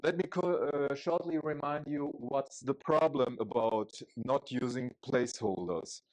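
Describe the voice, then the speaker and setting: Speaking unhurriedly in a medium-pitched, darkish voice, a conference speaker from Germany delivers a technical talk with jokes and chatty asides. His German accent comes through, he uses frequent fillers and restarts, and the audio quality is poor.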